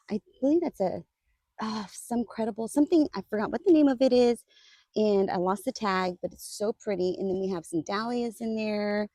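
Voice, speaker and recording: Garden vlogger, woman, casual and chatty, talks straight to viewers, mellow voice, dry sound. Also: medium pitch, no echo. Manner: chatty, addresses viewers as "you guys", laughs easily. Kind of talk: casual garden tour vlog. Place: outdoors in a garden.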